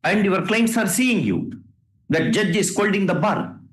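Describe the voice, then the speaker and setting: Lecturing Indian judge in an echoey courtroom. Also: male voice, high voice, lively intonation, a little slow. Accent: Indian English. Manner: scolding, lecturing, rhetorical questions. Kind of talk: courtroom remarks from the bench. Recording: roomy courtroom sound.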